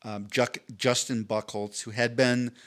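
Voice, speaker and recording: A man's voice: medium pitch, measured pace. A man on a podcast telling a long story in casual chat, rambling and swearing, acting out what people said. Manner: rambling, animated, swearing, acts out quoted people. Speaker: podcast co-host.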